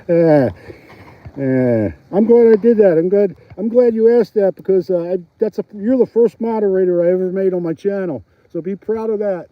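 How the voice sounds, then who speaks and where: A man's voice: sits high, normal speed. A middle-aged man with a Philadelphia accent, chatting casually to viewers of his livestream while ice fishing outdoors, laughing often, recorded on a phone strapped to his chest. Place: outdoors on a frozen lake, windy. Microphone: phone mounted on his chest. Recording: dull, slightly lo-fi phone audio.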